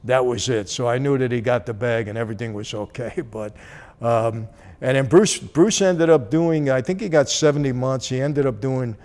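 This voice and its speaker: A man casually telling a personal story, animated and acting out the dialogue as he goes. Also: medium pitch, normal speed. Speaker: channel host.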